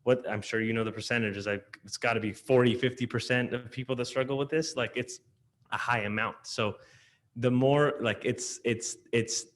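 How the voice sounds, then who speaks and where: A man's voice: mid-range voice, normal speed. Rambling, filler-heavy man in the audience. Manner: rambling, full of fillers, grows animated. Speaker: audience member. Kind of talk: comment from the audience.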